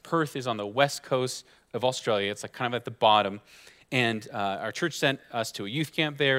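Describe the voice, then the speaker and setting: A man in his thirties delivers a sermon at an average pitch. He talks to the congregation like a friend, asking rhetorical questions and dropping wry asides before landing each point. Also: a bit bright. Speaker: guest pastor.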